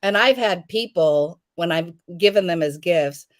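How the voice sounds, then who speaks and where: A woman's voice: fairly low pitch, measured pace. A middle-aged woman chatting in a live interview, telling stories, acting out what people said and laughing often. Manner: chatty storyteller, acts out quotes, laughs often. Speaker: guest, home jam maker. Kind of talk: casual live interview chat.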